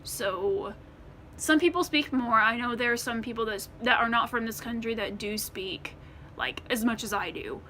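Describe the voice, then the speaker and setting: American woman vlogger, slightly high and bright, loose rambling Q&A with lots of ums. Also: normal speed, slight background noise. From United States. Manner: rambling, many ums and restarts. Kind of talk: casual Q&A to camera.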